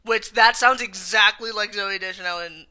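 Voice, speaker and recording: A woman with a very bright, sharp tone chats casually as a podcast co-host. She talks loosely and slips into quick acted quotes of people as she goes. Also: medium pitch. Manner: chatty, quotes people in play-acted lines. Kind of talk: casual chat.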